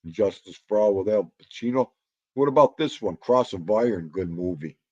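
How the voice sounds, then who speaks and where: Man, livestream host, low voice, rambling, mutters to himself, dull dry recording. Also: animated, normal speed, darkish tone, no room sound. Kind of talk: casual livestream chat reading comments.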